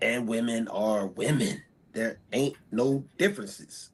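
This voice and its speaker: A man's voice: mid-range voice, takes it slowly, slightly rough. A man speaking as a talk show guest, stating firm, repetitive opinions about women in casual talk.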